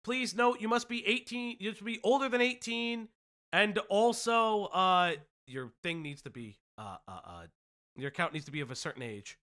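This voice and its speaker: A man hosting a live-stream commentary, talking casually and breaking into loud, profane rants. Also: sits high, expressive, normal speed. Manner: profane, explosive ranting. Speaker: stream host.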